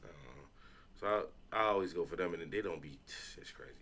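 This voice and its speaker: A Chicago man reacts to videos on stream in loose, profane chat full of restarts. His voice sits low and a bit bright, and he talks fast.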